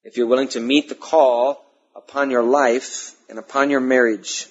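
A male pastor preaching a sermon, emphatic, repeating key phrases and pausing between them. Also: medium pitch, little pitch movement, slightly rough. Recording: dull lo-fi sermon recording.

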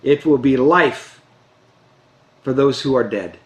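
A man preaching a sermon, earnest and emphatic, slowing down to stress key phrases. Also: mid-range voice. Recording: roomy echo.

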